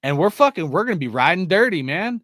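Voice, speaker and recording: Young male host, loose profane rambler; bright, dry close sound. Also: sits high, sing-song, fast, dry recording. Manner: profane, rambling, laughs often, says bro and dude. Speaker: sports fan show host. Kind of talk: casual rant to viewers.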